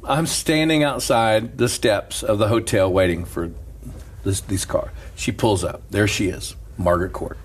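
There's a little hiss or hum on the recording of this middle-aged man, a preacher on a talk show. His lowish voice moves a little slowly as he chats casually through a story, quoting its characters with lively, frequent laughter.

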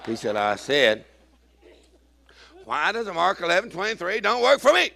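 A man preaching a sermon in church, acting out quoted people and swinging from shouting to hushed asides. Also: high-pitched, wildly swooping pitch, moderate pace, gravelly.

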